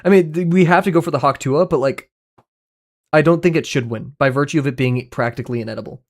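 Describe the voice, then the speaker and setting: A man's voice: fairly high pitch, quick pace. A man streaming live, rambling through casual commentary, swearing freely, joking and laughing often.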